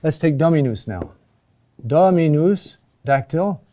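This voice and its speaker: A man teaching a recorded lesson on chant rhythm, talking deliberately with pauses and "huh?" checks. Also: on the high side, animated, warm tone.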